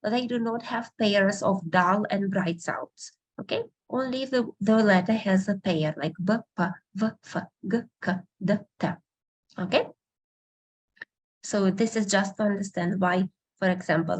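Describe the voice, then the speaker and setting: Lady teacher, super slow and patient, kinda husky voice. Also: medium pitch. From Russia. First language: Russian. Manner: patient, repeats words slowly for students. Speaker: language teacher. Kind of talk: online beginner language lesson.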